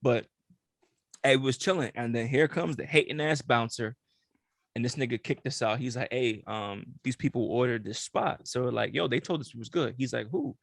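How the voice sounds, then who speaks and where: A man's voice: medium pitch, moderate pace, creaky, dry recording, clean studio sound. A young man co-hosting a podcast, telling stories in casual slang-filled chat and laughing often. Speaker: podcast co-host.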